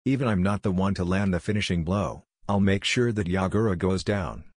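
A man's voice: low-pitched, dry recording. A man voicing a shy, lonely ten-year-old boy ninja who speaks hesitantly in a fan-fiction audiobook. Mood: determined. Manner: hesitant, slow and timid.

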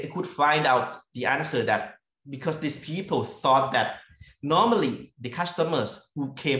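A Thai-accented man lecturing on his fieldwork, halting and often repeating words as he looks for the right phrase. The recording is echoey and somewhat dull, as if captured in a lecture room. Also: mid-range voice, fairly bright tone. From northeastern Thailand. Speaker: university lecturer. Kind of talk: academic talk sharing fieldwork stories.

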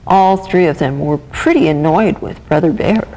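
A woman volunteer reading a children's picture book aloud with gentle, expressive storytelling. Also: low-pitched, moderate pace, background noise. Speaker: volunteer reader.

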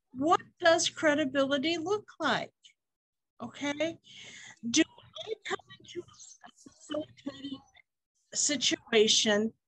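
Slow, earnest woman leading a workshop. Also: high-pitched, fairly bright tone, dry recording, rough recording. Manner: earnest, emphatic, asks the group questions. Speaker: workshop facilitator. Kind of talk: teaching a conference workshop.

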